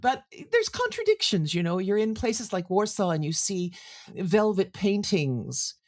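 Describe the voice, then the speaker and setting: An older woman, a singer and actor from France raised in Canada, telling animated stories as an interview guest. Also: medium pitch, measured pace. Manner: animated storyteller, drops into quoted voices. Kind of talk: conversational interview storytelling.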